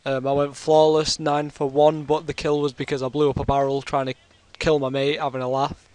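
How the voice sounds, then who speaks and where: A man's voice: a little high, level tone, brisk, darkish tone, no echo. A British man with a sore throat, telling a long rambling story in casual chat over his gameplay. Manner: rambling, chatty, full of fillers. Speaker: gaming commentator.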